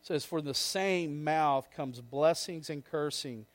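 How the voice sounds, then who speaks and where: A middle-aged man preaching a sermon as pastor, casual and folksy, calling out "man" and "right?". He swings from loud, raised preaching down to quiet storytelling. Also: a little high, unhurried.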